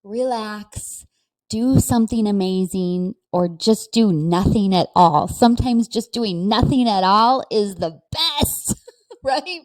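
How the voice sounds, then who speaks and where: A woman hosts a casual solo podcast in an unhurried, thoughtful way. She sounds self-encouraging and laughs easily between her thoughts. Her voice sits at a middle pitch. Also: darkish tone. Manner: slow, reflective and self-encouraging, with frequent laughs. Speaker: podcast host.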